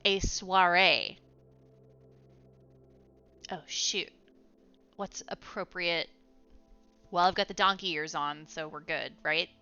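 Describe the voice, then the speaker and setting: A young woman streaming from home, chatting casually and rambling while she plays a game, quick to laugh. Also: fairly low pitch, fairly even intonation, pushed and bright, smooth. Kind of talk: casual gaming stream chat. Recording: slightly muffled, faint music behind.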